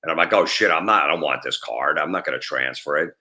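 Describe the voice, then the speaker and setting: A middle-aged man and comedian telling prank call stories in a casual podcast chat, acting out both sides of each call. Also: rumbling low. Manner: fast, animated storytelling, acting out both sides of phone calls.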